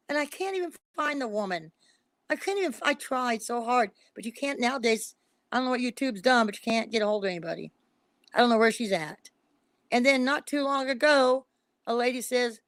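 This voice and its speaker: A woman with a high voice speaks as a psychic reader visiting someone's live stream. She talks in an emotional, casual way, pleading and hammering her points home by repeating them. Her voice sounds dry and close, with no room echo. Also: lively intonation, moderate pace, fairly bright tone. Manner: emphatic and repetitive, pleading.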